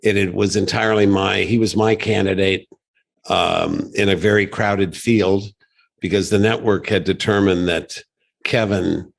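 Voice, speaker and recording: A man with a low, gravelly voice answers interview questions. He speaks haltingly and restarts his sentences. A male guest in casual conversation. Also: fairly even intonation.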